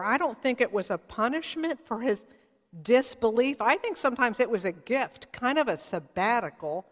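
A woman preacher telling a story in a lively, chatty way, with a fairly high voice. Her words linger in a long hall reverb. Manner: lively, acts out characters, talks to the congregation. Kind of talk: storytelling sermon.

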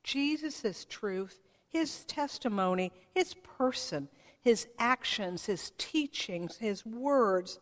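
A woman preaching a sermon in a reflective way, often acting out the voices she quotes. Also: on the high side. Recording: long reverb of a large hall.

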